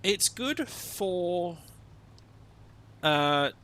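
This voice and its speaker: Bright-voiced Australian man streaming a game. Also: high-pitched, lively intonation, very slow. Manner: rambling, sweary, sarcastic asides. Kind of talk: casual gameplay commentary.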